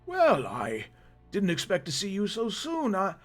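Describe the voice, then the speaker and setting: A man voicing a gentle, welcoming older half-orc man who speaks in a halting, delighted way. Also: high-pitched, wildly swooping pitch, faint music behind, pitched above the performer's own voice, heavily acted.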